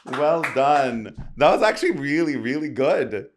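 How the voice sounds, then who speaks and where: Male podcast host, playful and upbeat, casual banter, mid-pitched. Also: expressive, a little slow, heavy background noise. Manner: playful, laughing, encouraging. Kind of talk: casual chat.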